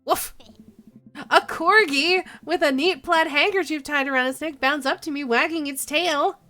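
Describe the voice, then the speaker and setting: A woman's voice: high voice, normal speed, sharp tone, faint music behind. A woman streamer playfully reading a dating game aloud and chatting with viewers.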